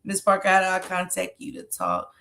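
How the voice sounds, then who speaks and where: Give me a blunt, profane woman in her forties hosting a commentary stream with a bright, sharp voice. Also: on the low side, big pitch swings, a little fast. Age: 40s. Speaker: commentary livestream host. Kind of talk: reaction commentary.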